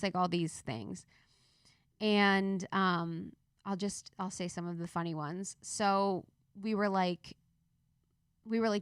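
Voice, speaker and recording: A woman podcast host telling a funny story in a casual, animated way, with frequent fillers and quoted dialogue. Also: on the low side, unhurried, dry recording, clean studio sound.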